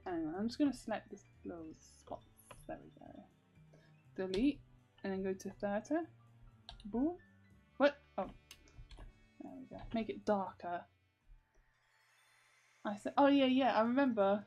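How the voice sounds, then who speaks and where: A woman's voice: medium pitch, animated, a little slow, long pauses, darkish tone, husky, dull audio, faint music behind. A young woman vlogging in casual, rambling chat, full of fillers and giggles.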